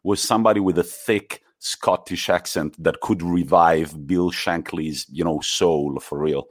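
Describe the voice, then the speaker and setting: A man's voice: low voice, fairly even intonation, a little slow. Hesitant, teasing man. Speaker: podcast co-host and quizmaster. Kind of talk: casual football podcast chat.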